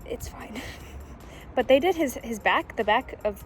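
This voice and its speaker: A young woman vlogging casually about her day, rambling and candid, then gushing in high baby talk to her dog. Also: lively intonation, unhurried, long pauses, soft background music. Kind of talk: casual vlog chat.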